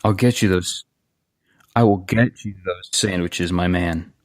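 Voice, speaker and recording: A man's voice: low-pitched, measured pace, dry recording, clean studio sound. A man voicing a weary, ambitious male ex-saboteur who talks earnestly and gets emotional.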